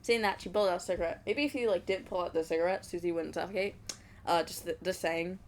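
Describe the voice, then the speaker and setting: Young woman reading a fanfic out loud, giggly, keeps making snarky little comments. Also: lowish voice, fast, a little hiss or hum. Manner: giggly, mocking asides. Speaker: fanfic reader. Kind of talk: reading a fan fiction aloud with commentary.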